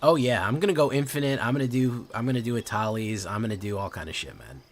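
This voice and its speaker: A man's voice: medium pitch, expressive, quick pace. A Latino man streaming a card game, chatting casually and switching between English and Spanish. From Latino family. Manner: loose and profane, with frequent "um" and "like".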